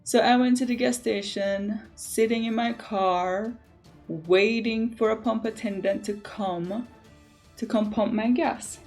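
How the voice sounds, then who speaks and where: A Jamaican woman, originally from Jamaica, chatting casually to her viewers as a beauty vlogger, telling stories in an animated, emphatic way and saying "like" often. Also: a little high, measured pace, faint music behind.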